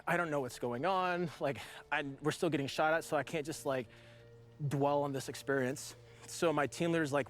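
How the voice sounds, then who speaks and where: A man's voice: a little high, fairly quick, a bit bright, soft background music. A man in his forties, a veteran guest, telling a long story in a loose, rambling way full of fillers. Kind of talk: casual storytelling.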